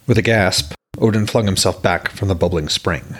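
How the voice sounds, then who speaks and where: Deep husky male narrator. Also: moderate pace. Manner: steady storytelling. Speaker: author and podcast host. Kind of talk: reading his novel aloud.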